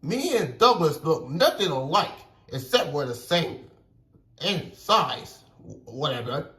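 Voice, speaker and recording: A man's voice: on the high side, big pitch swings, slow pace, pushed and bright, heavily acted. A man voicing a touchy, cross male engine from a toy train story, drawn out and huffy.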